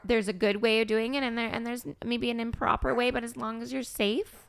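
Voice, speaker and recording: A young woman hosting a podcast, talking candidly and emotionally, with halting restarts and some swearing. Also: fairly high pitch, level tone, vocal fry, slight background noise. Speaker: podcast host, grieving mother. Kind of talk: candid conversation.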